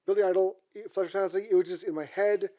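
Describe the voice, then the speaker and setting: A woman co-hosting a podcast in casual chat, halting and repeating words as she searches for them. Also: medium pitch, steady tone, warm tone. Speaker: podcast co-host.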